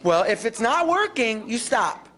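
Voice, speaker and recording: Animated woman teaching caregivers. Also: a little high, unhurried. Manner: animated, acts out calm reassuring caregiver lines. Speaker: dementia care educator. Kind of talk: live workshop talk.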